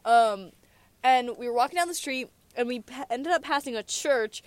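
With no room sound, a teenager at medium pitch and moderate pace shares stories as a podcast co-host, chatting casually and rambling with plenty of fillers and restarts.

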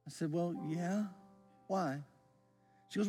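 A man, preaching a sermon as a pastor, his voice swelling with feeling and then falling to a near hush. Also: high voice, a little slow, long pauses, husky, soft background music. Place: church sanctuary. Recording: long reverb in a large hall.

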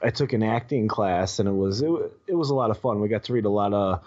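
A man's voice: on the low side, fast talker, a little mellow, muffled recording. A young man, chatting casually as a podcast guest and telling a rambling story full of fillers. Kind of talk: casual chat.

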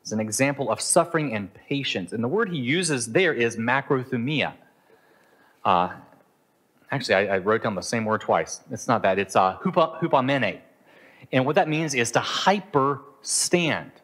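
A man's voice: medium pitch, expressive, moderate pace, a bit bright, slightly rough. A middle-aged man preaching a sermon in an earnest, conversational way, now and then acting out the inner voices of his listeners. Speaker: pastor. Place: Southeast Asia.

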